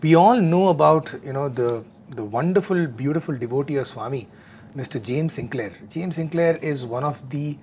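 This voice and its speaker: A man's voice: on the high side, moderate pace, darkish tone, a little hiss or hum. A man talking earnestly and casually about meditation and staying cheerful, often saying "you know". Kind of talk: casual spiritual conversation.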